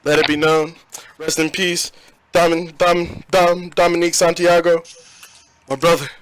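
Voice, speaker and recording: A man's voice: on the high side, level tone, measured pace, a bit bright, clear, resonant tone, dry recording, rough recording. A young man hosting a casual gaming podcast, telling stories in a loose, joking, slangy way. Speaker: podcast host.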